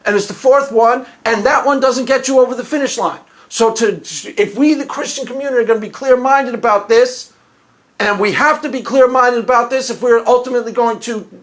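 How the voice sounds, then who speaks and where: A man's voice: very high voice, fairly bright tone. A man hosting his own channel, giving blunt, mocking, emphatic solo commentary and repeating phrases for effect. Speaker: channel host.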